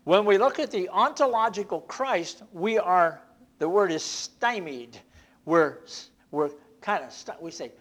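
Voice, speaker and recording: A church Bible teacher speaking in a relaxed, folksy manner, circling back over phrases as the thought takes shape. The pitch sits in an ordinary middle range. It sounds like a lesson given to a small group in a church. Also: moderate pace. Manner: conversational, repeats and restarts phrases, folksy asides.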